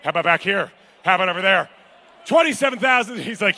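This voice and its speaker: A man's voice: high-pitched, lively intonation, quick pace, pushed and bright. A man calling bids at a live charity auction, joking with the crowd. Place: large banquet hall at a gala.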